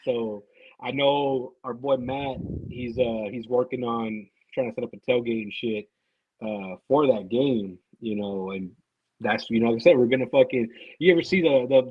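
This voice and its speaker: A man's voice: medium pitch, normal speed, breathy edge, no echo, phone-quality sound. A man, a guest on a podcast, talking in a rambling, profane way that repeats words. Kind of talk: casual podcast chat.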